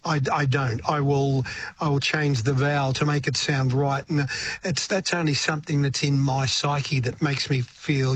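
An older man with an Australian accent, a singer talking casually as a guest in a radio interview, relaxed and chuckling, with hesitant restarts. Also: medium pitch, normal speed, a little hiss or hum.

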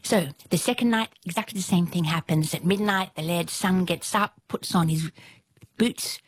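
A woman's voice: on the low side, moderate pace, slight background noise. A woman telling a folktale aloud in a dramatic way, often dropping to a whisper for suspense. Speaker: storyteller. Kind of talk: oral folktale storytelling.

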